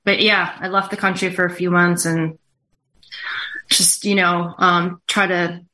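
Female guest, slightly low voice, halting delivery with frequent fillers. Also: level tone, pushed and bright. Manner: hesitant, full of fillers. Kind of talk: talk show conversation.

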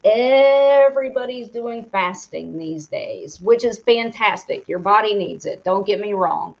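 Unhurried, medium in pitch and darkish with vocal fry, a woman reads sponsor product details during a casual live stream. She's one of the co-hosts, and she trips on hard words and laughs at herself, all in dull lo-fi stream sound.

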